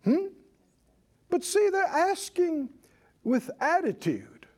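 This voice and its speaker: A man preaching a sermon in a folksy, scolding way, slow and emphatic. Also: very high voice, sing-song, a little mellow.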